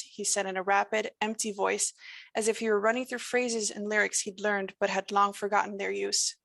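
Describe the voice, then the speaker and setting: A woman reads her own fiction aloud over a video call. Her voice has a gravelly fry and sits at a middle pitch. The sound is dry, with no room around it. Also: moderate pace, no room sound. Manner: hesitant intro with ums, then steady reading. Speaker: author reading her fiction. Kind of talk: prose reading.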